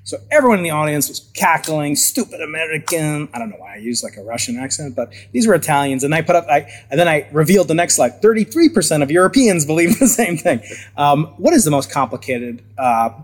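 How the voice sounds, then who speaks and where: A man's voice: on the high side, big pitch swings, quick pace, slight background noise. A man interviewing a guest, asking long questions while searching for the right words. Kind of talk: conversational interview.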